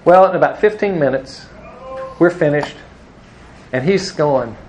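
A man's voice: fairly high pitch, a little slow, pauses often, darkish tone, slight background noise, rough recording. A man preaching to a live group, telling stories and acting out the people he quotes with a chuckle. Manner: storytelling, acts out quoted voices, chuckles. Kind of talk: evangelism teaching talk to a live group.

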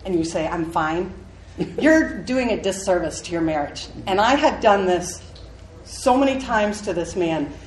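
A woman's voice: mid-range voice, animated, normal speed, a little mellow. A woman co-hosting a casual marriage-advice chat, candid and teasing. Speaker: podcast co-host. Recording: echoey room with faint noise.

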